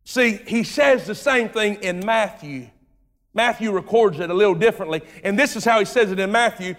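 A pastor preaching an animated sermon, swinging between loud and hushed. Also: male voice, high-pitched, a little slow. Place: church sanctuary. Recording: long reverb of a large hall.

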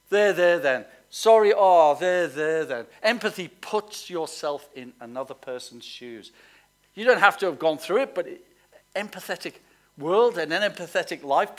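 A man preaching a sermon as pastor, animated and swinging between emphatic and hushed. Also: high voice. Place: church hall.

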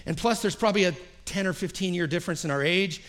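Pastor guy preaching, tells a story and acts out the lines, kinda high voice for a man, repeats himself a lot. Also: fast. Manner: animated storyteller acting out quoted dialogue, repeats phrases. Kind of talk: sermon storytelling. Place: church service.

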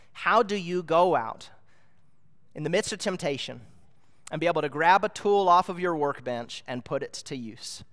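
High-voiced preacher in a reverberant hall. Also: male voice, a bit bright. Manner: earnest, explanatory, rising to emphatic peaks. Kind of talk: sermon.

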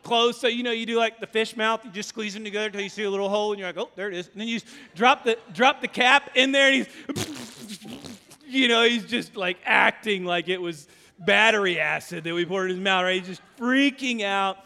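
A man preaching a sermon as pastor, telling a family story and building to shouted appeals. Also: high-pitched, fairly quick, vocal fry. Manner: storytelling, acting out his son, rising to shouted appeals. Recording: long hall reverb.

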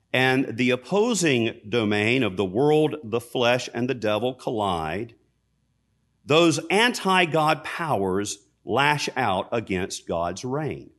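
Male priest preaching; lively, swinging delivery, loud peaks and quiet drops, self-mocking asides. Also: slow. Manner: emphatic preacher, rising loud on key lines and dropping low and soft; self-deprecating asides with fillers. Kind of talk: sermon.

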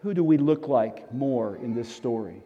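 A pastor preaching a sermon, telling a story with animated, emphatic repetitions. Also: male voice, medium pitch, moderate pace, lo-fi sound. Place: church sanctuary in a desert city. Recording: long reverb of a large hall.

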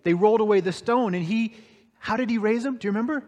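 A man preaching a sermon, telling a story dramatically and swinging between hushed, slow passages and raised, excited ones. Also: high voice, in a large hall. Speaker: pastor.

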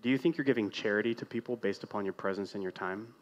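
Man, pastor, conversational sermon, rhetorical questions, shifts from loud to hushed. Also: lowish voice, quick pace, highs cut off.

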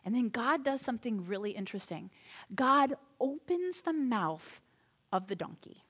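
A woman pastor retelling a story in a sermon, animated and chatty with little asides. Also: fairly high pitch, moderate pace, husky.

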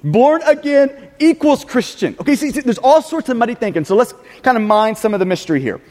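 A man's voice: high voice, very animated, racing, big-room sound. A man preaching a sermon as pastor, emphatic and repetitive, often restarting words mid-phrase, in a church sanctuary.

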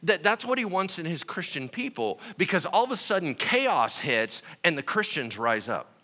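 A man's voice: fairly high pitch, very animated, moderate pace, sharp tone. A male pastor giving a conversational sermon, checking in with listeners with "right?" and acting out quoted voices. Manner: acts out voices in quoted asides.

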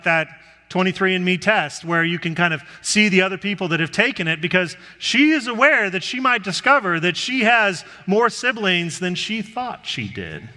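Male pastor, storytelling sermon delivery, high bright tone, lingering reverb of a church sanctuary. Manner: conversational storytelling.

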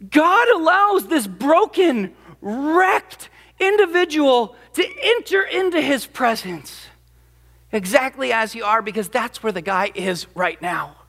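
A pastor preaches with dramatic emphasis and slips into the voices of the people he quotes. His voice sits very high for a man. The sound carries the long reverb of a large church hall. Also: a bit bright. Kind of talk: sermon. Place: church sanctuary.

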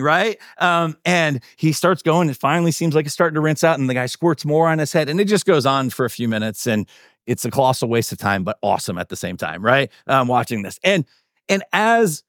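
A man's voice: a little high, no echo, clean studio sound. A man preaching a sermon in a casual, conversational way, dropping lots of fillers and often checking in with his listeners. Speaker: pastor.

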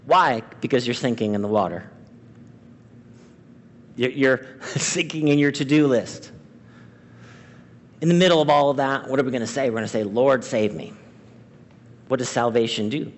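A man preaching a sermon as pastor, swinging between loud emphatic lines and hushed quiet ones. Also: mid-range voice, normal speed, long pauses. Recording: long reverb of a large hall.

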